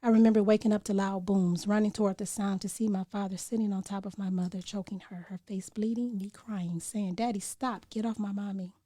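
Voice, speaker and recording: A woman's voice: mid-range voice, steady tone, fairly quick, few pauses, mellow, no room sound, clean studio sound. A woman on a podcast reciting a spoken-word poem in an earnest voice that sinks at times into near whispers. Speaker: podcast guest.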